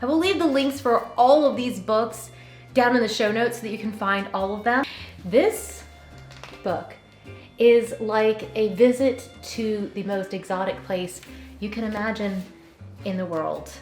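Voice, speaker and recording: A woman chatting casually in a vlog about interior design books, bubbly and quick to laugh. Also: mid-range voice, a little mellow, reverberant, faint music behind.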